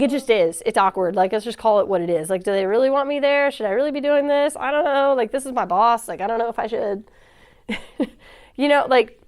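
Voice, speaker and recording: A woman speaks in a church with a fairly high voice, keeping it conversational and full of asides. She laughs often and slips into quoted dialogue as she tells stories. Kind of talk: casual sermon talk.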